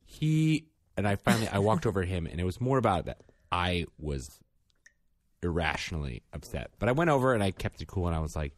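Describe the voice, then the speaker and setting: A man in casual chat, a parent of two young children, telling animated stories and acting out the kids' lines. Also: low voice, a little fast, no echo, clean studio sound.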